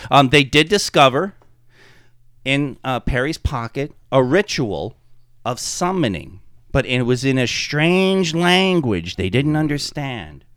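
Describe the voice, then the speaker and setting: A man's voice: mid-range voice, slow pace, smooth, no room sound, clean studio sound. A man co-hosting a podcast, animatedly recounting a tabletop game session he ran as game master. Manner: animated storyteller.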